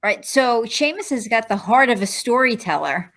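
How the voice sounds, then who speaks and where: A woman's voice: on the high side, expressive, moderate pace, a bit bright. A woman co-hosting a podcast interview, talking in an appreciative way. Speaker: podcast co-host. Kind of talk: casual interview chat.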